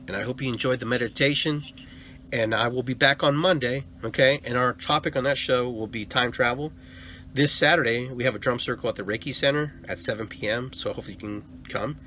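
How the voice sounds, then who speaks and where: A man's voice: mid-range voice, pushed and bright, slight background noise. A man hosting a spiritual self-help radio show, talking to listeners in an emphatic, preachy way and often checking in with "okay?".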